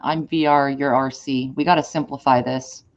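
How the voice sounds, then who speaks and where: Low-voiced woman joking on a stream. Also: fairly even intonation, moderate pace. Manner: joking, chatty. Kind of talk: casual chat. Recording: dull lo-fi stream audio.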